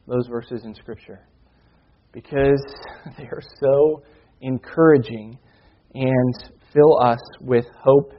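Earnest man preaching a sermon, lo-fi. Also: medium pitch. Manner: earnest, slows down for emphasis, reads Scripture with rising force. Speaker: pastor. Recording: dull lo-fi sound.

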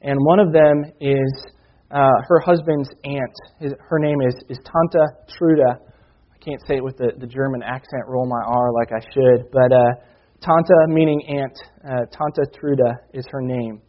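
A man preaching a sermon as pastor, earnest, slowing down for emphasis and reading Scripture with rising force. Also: mid-range voice, steady tone. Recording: dull lo-fi sound.

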